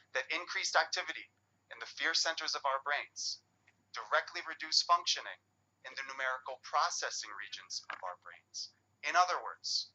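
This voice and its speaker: Guy giving a lively talk, bright tense voice, kinda muffled lo-fi. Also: mid-range voice. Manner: animated, dramatic pauses. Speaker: speaker. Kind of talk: public talk. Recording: dull lo-fi recording.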